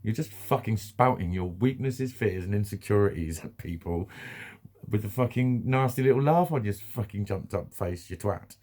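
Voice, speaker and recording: A British vlogger rants bluntly in a casual monologue, swearing freely, repeating himself and laughing now and then. His voice is on the low side with a darkish tone, animated, at a moderate pace.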